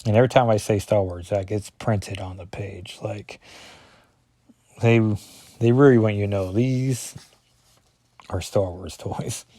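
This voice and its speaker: A man's voice: on the low side, steady tone, warm tone, dry recording. A man reviewing a comic book, chatting casually and reading the dialogue aloud. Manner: rambling, chatty, many fillers and asides; reads dialogue in quick plain voices.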